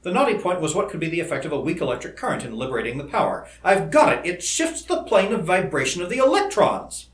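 A man reading the part of an eager, excitable young scientist in an audiobook, in a roomy-sounding recording. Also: on the high side. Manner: eager, rapid enthusiasm. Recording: roomy echo.

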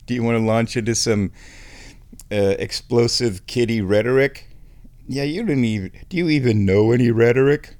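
A man hosting a casual show at his microphone, playful, dropping into high baby talk for his cat. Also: moderate pace, darkish tone. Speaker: radio host. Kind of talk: casual chat. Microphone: studio microphone.

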